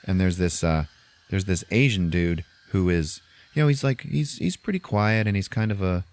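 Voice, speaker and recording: A young man podcast host retelling a movie in casual chat, animated and profane and acting out the lines. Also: low voice, moderate pace, no echo.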